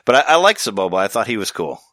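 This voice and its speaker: A man's voice: lowish voice, very animated, racing, a bit bright, dry recording, studio quality. A man hosting a podcast, chatting casually in a rambling way, with many restarts and easy laughs. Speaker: podcast host. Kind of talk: casual chat.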